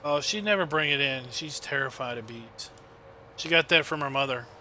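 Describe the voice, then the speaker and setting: A man's voice: medium pitch, moderate pace, bright, forceful tone, a little hiss or hum. A man casually chatting and telling stories while streaming a farming game, rambling with lots of fillers. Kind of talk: casual gameplay chat and storytelling.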